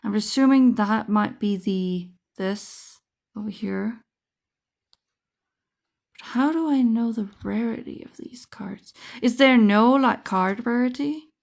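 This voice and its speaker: A woman speaks in an unhurried, relaxed way as she sorts through a card pack. Her voice has a noticeable vocal fry. She thinks aloud, trailing off and restarting mid-sentence. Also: a little high. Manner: musing, thinking aloud with fillers. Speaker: card game vlogger. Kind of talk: casual unboxing chat.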